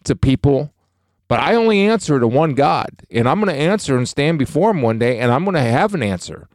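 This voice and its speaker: A man's voice: medium pitch, very animated, a little fast, no echo, clean studio sound. A middle-aged man co-hosting a faith podcast, talking earnestly and emphatically about his beliefs. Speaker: podcast co-host.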